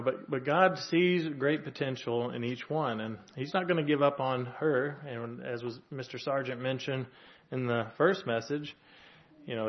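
A man giving an earnest, conversational sermon, speaking plainly with frequent fillers and restarts. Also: mid-range voice. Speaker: lay preacher soon to be a pastor. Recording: dull lo-fi recording.

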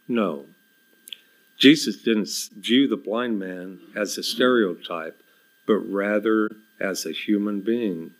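A man preaching a sermon to his congregation, emphatic and repeating his key questions. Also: on the low side.

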